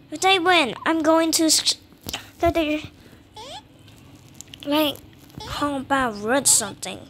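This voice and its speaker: A woman giving casual commentary while playing a game, excitable and self-mocking, with frustrated outbursts. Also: sits high, unhurried, pauses often, slight background noise. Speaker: gaming channel host.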